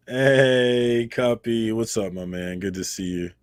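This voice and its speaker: A man's voice: fairly low pitch, takes it slowly, clear, resonant tone, no echo. A man co-hosting a casual online chat, laid-back and laughing easily, greeting viewers by name. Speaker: co-host.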